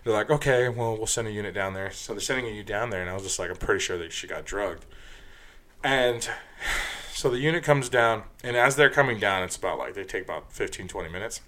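A man's voice: lowish voice, quick pace, a bit bright. A man casually telling a long story from his nightlife job, profane and rambling, full of fillers, getting heated as he retells it.

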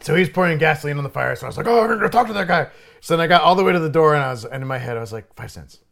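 A young adult man, a bartender, telling a story in casual chat, swearing freely and loudly acting out what he said. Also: on the high side, very fast, vocal fry. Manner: animated, swears freely, loudly acts out his own quoted lines.

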